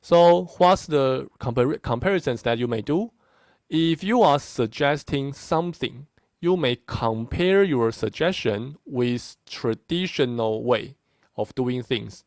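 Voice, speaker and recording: A man's voice: mid-range voice, lively intonation, slow pace, darkish tone, no echo. Emphatic male lecturer. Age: middle-aged. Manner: emphatic, repeats points with frequent "okay?". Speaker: university lecturer. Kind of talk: classroom lecture.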